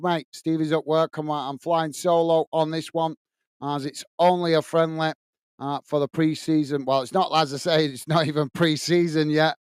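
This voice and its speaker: A friendly man hosts a live football watch-along, chatting casually and greeting viewers by name. His voice sits a little high and comes across smooth and resonant. The sound is dry and close, with no room echo. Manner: chatty, friendly, calls viewers mate and guys. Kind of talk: casual live commentary and chat.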